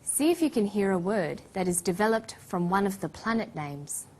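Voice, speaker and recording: A woman narrating an English language lesson in a clear, scripted teaching manner. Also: mid-range voice, lively intonation, a little mellow. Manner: slow, clear teaching delivery.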